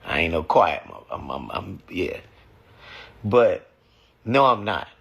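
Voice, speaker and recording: Man, low gravelly husky voice, blunt cussing, emotional personal talk. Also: big pitch swings, slow pace, a bit bright. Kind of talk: casual reflective talk.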